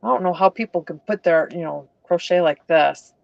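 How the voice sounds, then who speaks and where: A woman chatting casually with a crochet host, making gentle, agreeable remarks. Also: lowish voice, moderate pace, creaky, dry recording. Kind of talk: casual chat. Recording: dull lo-fi livestream audio.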